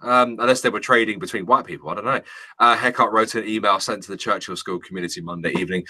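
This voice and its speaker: A man's voice: lowish voice, fast, pushed and bright. A British man, co-hosting a casual chat show, reading out news stories with jokes and casual swearing. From Britain. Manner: jokey, swears casually, frequent laughter.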